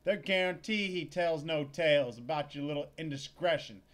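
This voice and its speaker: A man's voice: medium pitch, normal speed, natural voice. A man doing a foul-mouthed dorky agent. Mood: angry. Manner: abrasive, swearing, shouting. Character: rude, crude young male secret agent.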